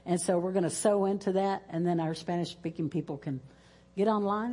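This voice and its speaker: Speaking a little fast in a mellow voice on the low side, a woman pastor addresses her congregation folksily, dropping in praise interjections before closing with a chanted prayer. There's a little hiss or hum in the recording.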